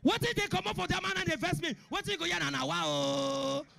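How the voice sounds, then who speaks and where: High bright Nigerian comedian, gravelly. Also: male voice, rapid-fire. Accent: Nigerian Pidgin English. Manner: shouting punchlines, acting out characters. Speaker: stand-up comedian. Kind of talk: stand-up comedy routine.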